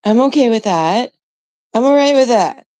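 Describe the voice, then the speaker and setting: A woman's voice: a little high, expressive, normal speed, mellow, no room sound. A middle-aged woman chatting casually with her live-stream chat, laughing often, swearing freely and greeting viewers by name. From Canada. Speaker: livestreamer.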